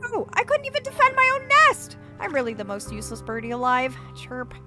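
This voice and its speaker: A woman's voice: wildly swooping pitch, fairly quick, loud music behind the voice. A woman voicing a gloomy, self-pitying little origami bird from a game, chirping as she talks. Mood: mopey. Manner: chirping, whiny and squeaky.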